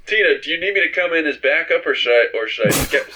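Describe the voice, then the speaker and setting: A man's voice: fairly high pitch, expressive, fast, noisy background, close to an everyday voice. A man voicing a confused male runner who stumbles through questions on a call. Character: confused male runner calling in over the phone.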